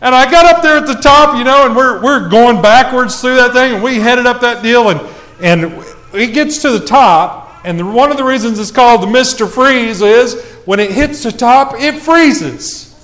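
A man preaching a sermon, telling a self-mocking story with lively swings in his voice. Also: very high voice, moderate pace.

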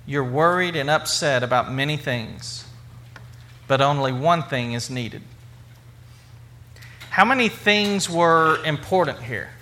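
A man's voice: fairly high pitch, sharp tone. A man preaching a sermon in a conversational way, with repetition and rhetorical questions. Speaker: pastor.

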